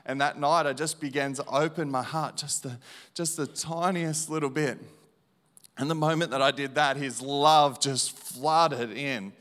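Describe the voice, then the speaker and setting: A man preaching an evangelistic sermon and sharing his testimony, repeating phrases slowly and emphatically, swinging between hushed and loud. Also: on the high side, steady tone.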